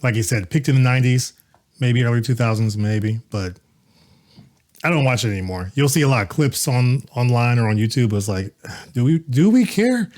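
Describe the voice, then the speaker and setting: A man's voice: medium pitch, brisk, darkish tone. A man hosting a reaction video, giving casual, rambling commentary that often trails off with hesitant fillers.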